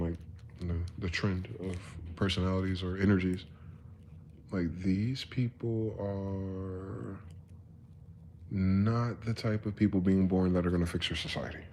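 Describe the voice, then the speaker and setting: A man in his thirties with a lowish voice rambles through a casual live-stream monologue. His talk is loose and profane, sinking to quiet musing and then climbing to loud ranting. Faint room noise sits behind him.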